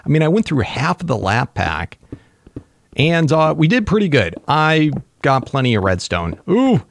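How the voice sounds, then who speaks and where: An excitable man narrating his own gameplay in a casual let's-play, his voice swinging widely in pitch. There is a gravelly edge to his tone, and the recording is close and dry. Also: moderate pace, no echo. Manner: excitable, talks to himself while playing. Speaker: gaming channel host.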